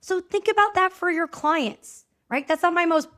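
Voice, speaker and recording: A woman in her thirties hosting a podcast, giving a chatty, animated solo talk straight to her listeners. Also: very high-pitched, moderate pace. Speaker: podcast host.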